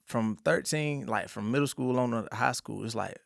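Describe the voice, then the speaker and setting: A young man from North Carolina with a country accent, telling stories in a relaxed, drawling way as a podcast guest. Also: mid-range voice, normal speed, gravelly, no echo, clean studio sound. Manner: drawling, easygoing storyteller with country slang. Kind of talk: casual interview chat.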